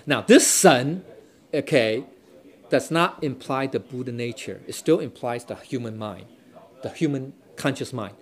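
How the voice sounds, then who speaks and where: A man's voice: mid-range voice, animated, measured pace. A man teaching a Dao scripture lesson in a loose, repetitive way, constantly checking in with his class and mixing in Chinese readings. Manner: repeats himself, checks in with "okay? right?"; switches between English and Chinese readings.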